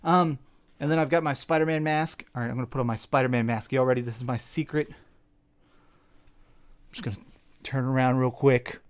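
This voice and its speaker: A man's voice: mid-range voice, steady tone, a little fast, long pauses, clean tone. A young man hosting a casual live stream, reading super chats with joking, self-mocking rambling. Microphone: desk mic with face cam.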